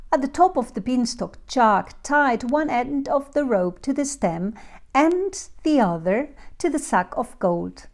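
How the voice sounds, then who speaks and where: A woman reading a fairy tale aloud slowly and clearly for learners of English. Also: fairly high pitch, darkish tone. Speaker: storyteller. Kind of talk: storybook narration for English learners.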